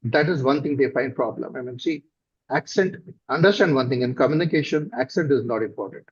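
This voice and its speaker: Man, South Indian accent, middle-aged, husky, halting and thoughtful, lots of fillers, muffled lo-fi sound. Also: mid-range voice. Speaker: company director, guest. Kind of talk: conversational interview answers. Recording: dull lo-fi recording.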